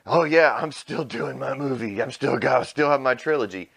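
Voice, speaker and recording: A man doing a mocking impression of a smug, whiny male film director, slower and a bit higher than his own voice. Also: vocal fry, a bit bright, husky.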